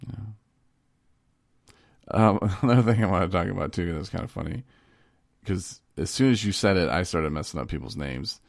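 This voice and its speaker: Low gravelly man in casual chat. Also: expressive, normal speed, pauses often, no echo, clean studio sound. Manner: rambling, laughing storyteller acting out phone calls. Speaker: podcast co-host.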